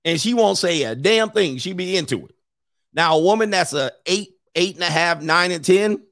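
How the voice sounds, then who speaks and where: A man's voice: high-pitched, animated, normal speed, a bit bright, dry recording, studio quality. A man hosting a stream, ranting comically in casual slang and laughing often. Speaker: streamer host. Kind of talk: casual comedic rant.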